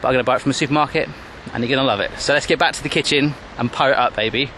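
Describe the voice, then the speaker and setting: A man's voice: medium pitch, rapid-fire, pushed and bright, reverberant, slight background noise. A man hosting a cooking show, chatty, jokey and playful as he cooks in a home kitchen into a camera on a tripod. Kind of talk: casual cooking demonstration.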